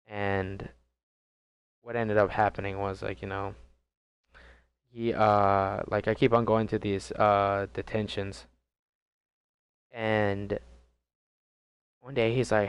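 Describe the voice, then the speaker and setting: Young male vlogger, low smooth voice, rambling profane storyteller. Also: steady tone, a little slow, pauses often. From DC, Maryland and Virginia area. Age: young adult. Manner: casual, rambling, profane, with many fillers and restarts. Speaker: gaming vlogger. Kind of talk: storytime vlog.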